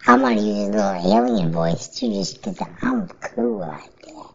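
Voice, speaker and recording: A woman's voice: medium pitch, big pitch swings, normal speed, vocal fry, few pauses, a little mellow, slight background noise. A woman in a casual rant to camera, rambling and repeating herself as she complains with indignation. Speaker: vlogger. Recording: dull lo-fi recording.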